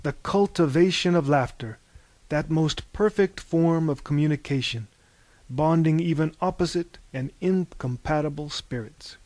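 A man's voice: a little high, expressive, measured pace, darkish tone, no room sound. Storybook toastmaster, pompous and ceremonial, read by a male narrator, close dry mic. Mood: solemn. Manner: grand, ceremonial.

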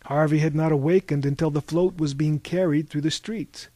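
A man narrating a novel as an audiobook, with measured, expressive storytelling. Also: on the high side, no echo.

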